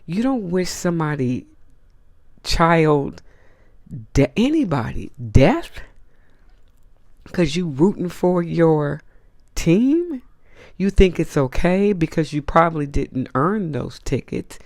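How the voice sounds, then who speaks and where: Slow, gravelly man ranting in outrage. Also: fairly high pitch, big pitch swings, darkish tone, no echo, studio quality. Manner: outraged, blunt and profane; repeats points for emphasis. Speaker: host. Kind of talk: opinion rant to camera.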